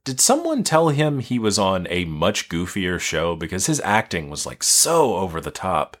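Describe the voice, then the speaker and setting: A woman's voice: extremely low pitch, moderate pace. Woman podcast cohost, voice swoops up and down a lot, incredulous, laughs a bunch. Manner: animated, incredulous, laughs often. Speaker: podcast co-host. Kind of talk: casual chat reviewing a TV episode.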